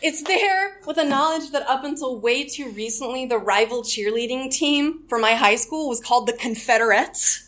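A young woman comedian from Arkansas doing a live stand-up set on a theater stage, wry and self-mocking, with quick asides and frequent laughter. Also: a little high, background noise. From Arkansas, USA.

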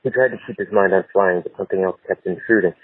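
A man reads a novel aloud in a steady, even storytelling voice. His low voice is husky and dry. It comes through a tinny phone line. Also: fast, dry recording. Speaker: reader.

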